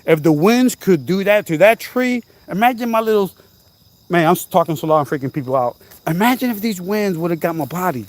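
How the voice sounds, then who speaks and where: A man vlogging outdoors at night, telling a story in an animated, repetitive, exclaiming way, now and then coughing. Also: high-pitched, fairly quick. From New Jersey. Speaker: channel host. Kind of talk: casual storytelling vlog.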